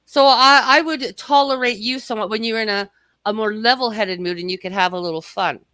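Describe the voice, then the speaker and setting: Bright, cursing woman ranting on stream. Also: on the high side, steady tone, brisk, no echo. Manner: angry, cursing, mocking. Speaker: livestream host. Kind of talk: profane live-stream rant.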